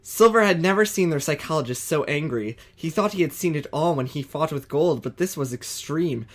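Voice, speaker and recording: A man's voice: a little high, animated, fairly quick. A man reading fan fiction aloud with a playful, joking manner.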